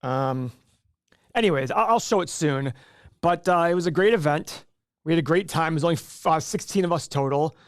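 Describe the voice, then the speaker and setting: A man's voice: on the high side, fairly quick, no echo, studio quality. A man in his forties hosting a casual livestream, chatting loosely and reading viewer comments aloud. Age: 40s. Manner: chatty, rambling, reads chat aloud. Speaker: livestream host.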